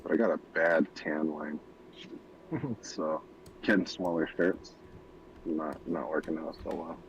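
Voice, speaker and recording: Low-voiced man telling a rambling story. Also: fairly even intonation, unhurried, a little hiss or hum, rough recording. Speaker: streamer. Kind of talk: casual chat over gameplay.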